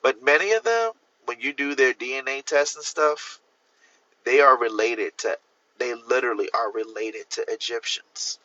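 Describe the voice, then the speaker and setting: A man's voice: medium pitch, normal speed, bright, forceful tone, muffled recording. A man hosting a livestream, giving blunt, opinionated views and talking straight to his viewers. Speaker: livestream host. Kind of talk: casual livestream talk.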